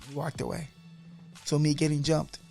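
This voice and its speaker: A man as a podcast guest telling a story in an animated, excitable way, often repeating his words. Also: a little high, moderate pace, gravelly, faint music behind.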